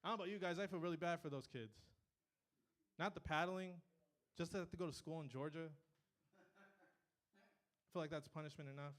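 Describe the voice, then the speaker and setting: A man delivers a short stand-up set of dry, self-deprecating jokes. His voice is smooth and clear. It sits slightly high. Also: brisk, pauses often, fairly bright tone. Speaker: stand-up comedian.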